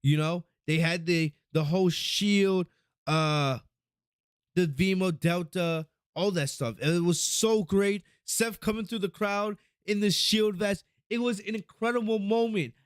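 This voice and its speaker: Excitable, profane podcast host, higher voice. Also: male voice, a little slow, clean tone, no echo, clean studio sound. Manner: excitable, profane, rambling recap with frequent restarts. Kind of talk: casual wrestling review podcast.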